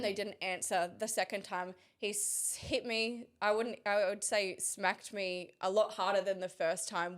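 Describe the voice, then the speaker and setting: A woman, recounting a personal story as an interview guest, halting with frequent pauses and restarts. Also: mid-range voice.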